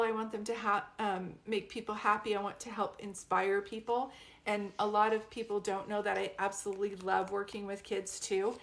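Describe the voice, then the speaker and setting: A chatty, giggly woman gives psychic readings on a live stream. She talks straight to her viewers, loose and conversational, and her voice sits at an ordinary middle pitch. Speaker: psychic medium.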